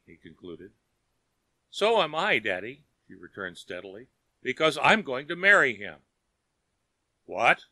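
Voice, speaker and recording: A male audiobook reader tells a short story with expressive delivery. His voice is very bright and moves through a lively pitch range. The recording is close and dry. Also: dry recording. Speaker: narrator.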